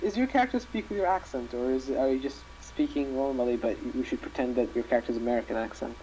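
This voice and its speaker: A man's voice: medium pitch, fast talker, dark tone, slight background noise, poor audio. A man chatting as a player in an online tabletop role-playing game, rambling and hesitant with many restarts, over a voice-chat microphone. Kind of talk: casual chat during an online live game.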